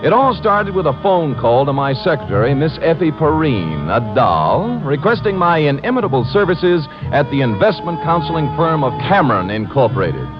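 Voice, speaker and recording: A man's voice: medium pitch, natural voice. An actor playing a wisecracking hard-boiled male private detective in a 1940s radio drama, with a dry, sardonic delivery. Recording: muffled old radio broadcast with music.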